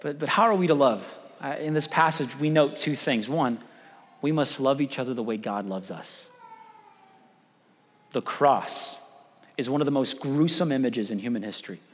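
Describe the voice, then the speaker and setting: A man's voice: medium pitch, normal speed. A pastor in his thirties preaching a sermon in a conversational way, rising to emphatic peaks. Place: church sanctuary. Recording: long church reverb.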